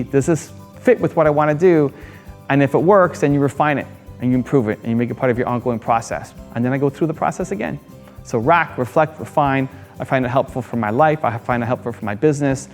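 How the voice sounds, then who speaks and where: A man hosting his own channel, giving an earnest motivational monologue that repeats key phrases and asks rhetorical questions. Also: mid-range voice. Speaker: channel host.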